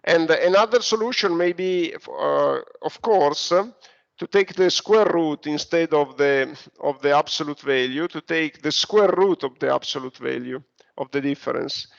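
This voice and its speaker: An Italian man with a fairly high-pitched voice and vocal fry lectures online for a university at an unhurried pace. He's hesitant, full of fillers and restarts, and the lo-fi recording sounds dull.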